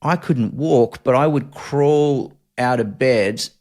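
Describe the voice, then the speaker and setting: A man in his forties with an Australian accent, recounting a hard time as a podcast guest, earnest and halting with many restarts. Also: medium pitch, darkish tone. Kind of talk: candid interview storytelling.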